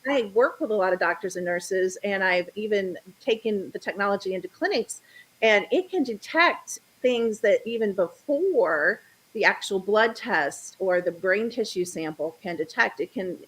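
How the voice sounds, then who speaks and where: A middle-aged woman talking as a guest in a relaxed interview. She tells stories in a lively way and puts on the voices of the people she quotes. Her voice sits in an ordinary middle range. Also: medium pitch, moderate pace, breathy edge, rough recording. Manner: animated storyteller, acts out quoted voices. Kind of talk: casual interview chat.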